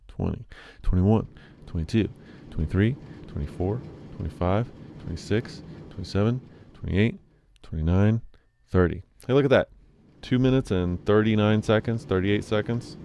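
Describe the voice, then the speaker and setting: A man's voice: lowish voice, measured pace, a little mellow. A young man streaming a let's-play, talking casually and rambling to a friend on a call. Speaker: gaming streamer. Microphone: desk microphone.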